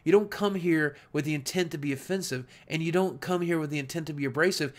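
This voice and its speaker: A man's voice: a little high, quick pace. Earnest man with a slight Southern accent. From Southwest Virginia, USA. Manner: earnest, reflective, with frequent restarts and repeated words. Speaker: YouTube creator. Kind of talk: candid talking-head monologue.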